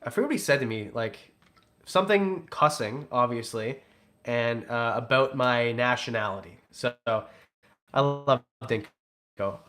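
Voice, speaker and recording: A man's voice: mid-range voice, normal speed, pushed and bright. A man hosting a casual livestream, reading super chats and teasing in a joking, rambling way. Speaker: livestream host.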